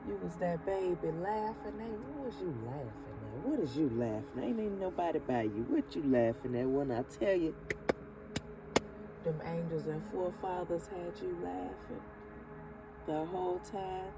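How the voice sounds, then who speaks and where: This spiritual reader and channel host has a fairly low voice with lively intonation and a moderate pace. She offers spoken affirmations during an energy reading, stretching her words, calling the listener "baby," and breaking into chuckles over music on a low-quality recording.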